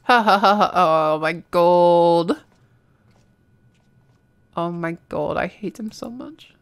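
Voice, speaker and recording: A young woman streaming a video game, reacting with loud, playful outrage and frequent yelling and laughter. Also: fairly low pitch, takes it slowly, clean tone, dry recording.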